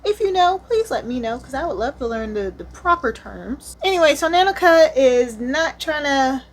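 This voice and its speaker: A woman's voice: sits high, animated, normal speed. A woman reviewing a manga, retelling the plot in a casual, slangy style with candid asides.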